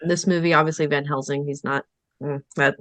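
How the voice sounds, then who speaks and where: A woman's voice: deep voice, steady tone, fairly quick, fairly bright tone, dry recording. A woman appearing as a guest on a casual movie podcast, chatty and full of "um" and "like". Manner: chatty, many fillers like "um" and "like".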